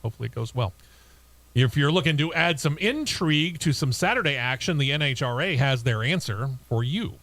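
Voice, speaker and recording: A man's voice: medium pitch, animated, fairly quick, a bit bright, dry recording. A man hosting a racing talk show, reading motorsport news and bantering with his co-hosts. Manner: reads news items then chats and laughs with co-hosts.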